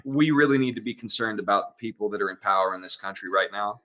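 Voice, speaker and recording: Male comedian guest from Wyoming, bright voice, opinionated and rambling. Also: lowish voice, fast, highs cut off. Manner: opinionated, talks in long run-on thoughts. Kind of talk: casual interview.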